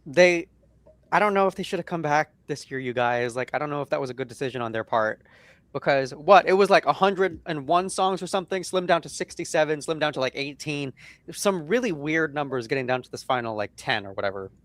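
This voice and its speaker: A man with a slightly high voice and a touch of hoarseness, chatting casually and rambling between thoughts. The sound is dry and close, with no room around it. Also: animated, a bit bright, no echo. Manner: chatty, rambling, quick laughs. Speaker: co-host. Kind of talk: casual chat.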